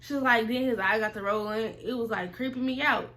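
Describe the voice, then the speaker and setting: A young woman telling a casual storytime, animated and slangy, acting out both sides of the conversation. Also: a little high, brisk.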